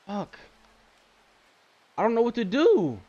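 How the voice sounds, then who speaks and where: Young man ranting through a game, animated. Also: extremely high pitch, slow pace, muffled recording. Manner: cursing, exasperated, ranting. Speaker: gamer. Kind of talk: frustrated gameplay commentary.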